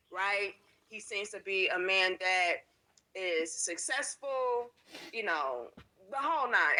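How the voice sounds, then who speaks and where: A woman's voice: mid-range voice, bright, forceful tone, a little hiss or hum, rough recording. A woman giving chatty, knowing casual commentary.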